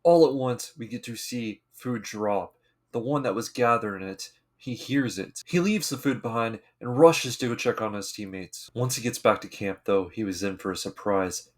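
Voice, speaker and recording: Low-voiced man recapping a cartoon. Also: normal speed. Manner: plain play-by-play retelling with wry asides. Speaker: anime recap narrator. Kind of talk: casual episode recap narration.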